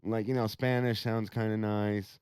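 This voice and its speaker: A man's voice: on the low side, level tone, normal speed, darkish tone, clean tone, no echo. A man co-hosting a podcast, speaking bluntly and provocatively in casual chat. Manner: blunt, provocative, laughs at own remarks. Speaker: podcast co-host.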